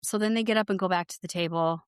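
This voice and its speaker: Brief: woman podcast co-host, low-ish voice, lively retelling, dry close mic. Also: smooth, no room sound. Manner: animated storyteller, quotes people in quick voices. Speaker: podcast co-host recapping reality TV. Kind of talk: casual chat, retelling scenes.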